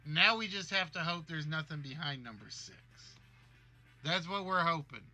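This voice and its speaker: Jokey male livestream game host with a high, very bright voice. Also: moderate pace. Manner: jokey, reads guesses aloud. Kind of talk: livestream game show hosting.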